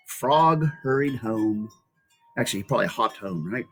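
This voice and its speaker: A middle-aged man reading a children's picture book aloud, pausing to ask listeners to look at the pictures. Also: fairly low pitch, lively intonation, fairly bright tone, husky, soft background music. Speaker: storybook reader.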